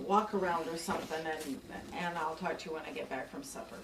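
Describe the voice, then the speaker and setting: A woman's voice: low-pitched, fairly quick, pitched below the performer's own voice, lightly acted. A woman voicing a businesslike male store manager who talks in an offhand way. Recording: echoey room, distant mic, background noise.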